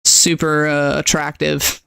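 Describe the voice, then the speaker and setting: A woman's voice: low voice, little pitch movement, slow, gravelly, sharp tone, clear, resonant tone, no room sound, clean studio sound. A nasal-voiced woman casually chatting with her viewers while she streams a game, self-deprecating and exasperated by technical trouble. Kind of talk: casual live-stream chat while gaming.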